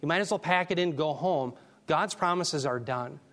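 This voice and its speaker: A man teaching a Bible class, preaching in an emphatic, animated way and taking questions from the class. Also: fairly high pitch, normal speed. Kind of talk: sermon.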